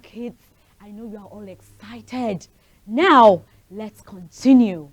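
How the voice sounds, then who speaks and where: A woman hosting a children's show, telling a fairy tale and talking to the kids directly in an animated way. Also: mid-range voice, slow pace, no room sound, rough recording. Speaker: storyteller host of a children's show. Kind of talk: storytelling for children.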